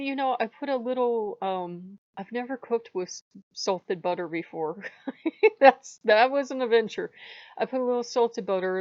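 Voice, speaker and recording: A woman chatting casually to her viewers, laughing often and slipping into bright, playful quoted voices. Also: mid-range voice, dry recording, dull audio. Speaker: video blogger. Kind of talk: casual chat.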